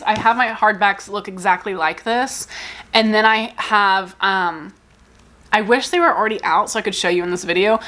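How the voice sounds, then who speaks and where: A woman's voice: medium pitch, bright, forceful tone. A young woman chatting casually in a book vlog, rambling and giggling as she gushes and cuts herself off. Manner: rambling, giggly and gushing, self-interrupting. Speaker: book vlogger. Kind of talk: casual chat.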